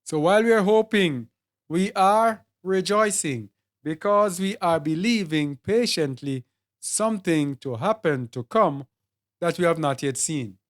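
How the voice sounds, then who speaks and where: Jamaican accent, sermon, slow measured delivery, emphatic word lists, mid pitch. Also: expressive. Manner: deliberate, repeats and lists words for emphasis. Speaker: Bible teacher.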